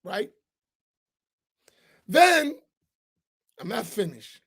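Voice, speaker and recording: A man's voice: high-pitched, big pitch swings, extremely slow, vocal fry, a bit bright, breathy edge. A man, an imam, giving a class talk at a mosque in a blunt, emphatic, everyday way.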